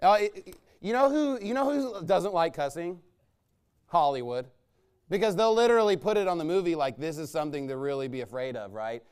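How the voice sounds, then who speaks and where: Preacher guy, high smooth voice, ranting and mocking, fiery sermon. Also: very animated, fairly quick. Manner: combative, sarcastic, mocking imagined critics. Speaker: pastor.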